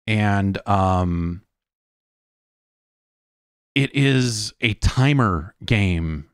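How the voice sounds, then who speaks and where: A man's voice: fairly low pitch, animated, drawn-out words, clean tone, dry recording, clean studio sound. A man in his forties hosting a podcast, ranting casually and with exasperation, swearing often and mocking what others say. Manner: profane, exasperated, mocks in quoted voices. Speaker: podcast host.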